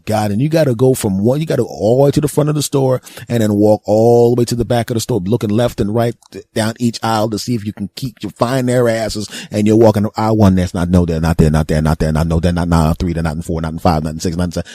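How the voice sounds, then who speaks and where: A man's voice: mid-range voice, dry recording. A man hosting a podcast, telling a rambling, exasperated comic story as a solo monologue. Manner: rambling, animated, exasperated ranting. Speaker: podcast host. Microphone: close podcast mic.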